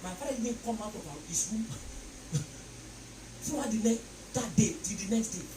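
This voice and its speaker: A woman preaching a sermon, shouting decrees and telling stories with bursts of laughter. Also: mid-range voice, unhurried. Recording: echoey hall recorded from a distance with background noise.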